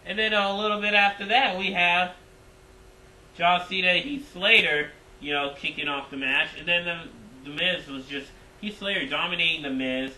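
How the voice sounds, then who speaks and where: Excitable rambling man in an echoey room. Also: sits high, normal speed, slight background noise. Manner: excitable, repeats himself, rambling. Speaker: wrestling show reviewer. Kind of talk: casual recap and opinion.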